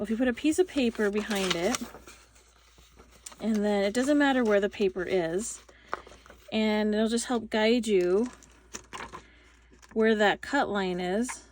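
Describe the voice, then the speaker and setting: A woman's voice: medium pitch, takes it slowly, pauses often, noisy background. Chatty woman rambling through a craft tutorial. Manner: chatty, rambling, lots of fillers and restarts. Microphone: phone.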